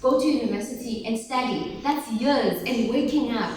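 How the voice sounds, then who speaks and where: A high-pitched woman gives a lively motivational talk to a group of teens, firing questions at them and pushing them to answer. She is picked up from across a very echoey room, with faint noise underneath. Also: normal speed, distant mic. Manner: animated, asks the audience questions and calls for replies. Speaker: workshop speaker for teen girls.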